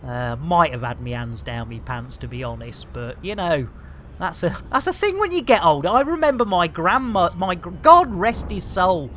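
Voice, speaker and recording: A man's voice: sits high, very animated, normal speed, fairly bright tone, slight background noise. A man giving rambling, jokey live commentary while streaming a video game. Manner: jokey, rambling, cheeky innuendo, frequent laughter.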